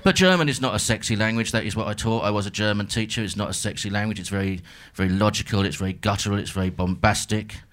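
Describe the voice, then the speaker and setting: A man's voice: fairly low pitch, fast talker, hardly any pauses, a bit bright. A middle-aged man doing a stand-up comedy set on a club stage, dry and mock-pompous with sudden bursts of mock outrage. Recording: live gig with clear crowd noise.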